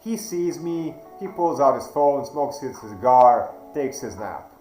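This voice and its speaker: A man, not a native English speaker, telling a personal story slowly and deliberately, with hesitant restarts. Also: mid-range voice, expressive, dark tone, reverberant, faint music behind, low-quality recording. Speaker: channel host. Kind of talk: reflective storytelling monologue.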